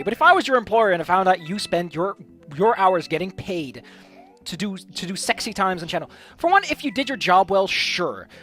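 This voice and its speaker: Male let's-player, high voice with a wide swinging range, rambly casual commentary. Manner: rambling, animated, swears freely. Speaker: let's play streamer.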